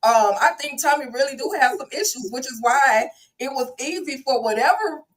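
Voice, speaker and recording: A woman with a high-pitched voice leads a casual TV recap, chatty and quick to laugh. She calls on her guests by name. Her voice sounds a bit distant from the mic on a video call. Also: lively intonation. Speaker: host of a TV recap panel. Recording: voice set back from the mic.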